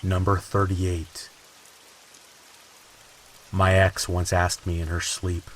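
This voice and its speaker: A man reading creepy stories in a slow, ominous scripted narration. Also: low voice, completely flat delivery, rough recording. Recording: faint hiss and rain sounds behind. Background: rain ambience.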